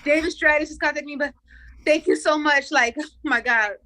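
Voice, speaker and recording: A woman on a video call, tearful and gushing with thanks, talking fast in bursts. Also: high voice, pushed and bright, slight background noise. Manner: effusive and gushing. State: tearful, fighting back tears. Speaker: workshop participant.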